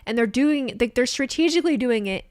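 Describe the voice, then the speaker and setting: A young woman hosting a casual livestream, excitable and swearing freely as she reacts to chat comments. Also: fairly high pitch, a little fast. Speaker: livestream host.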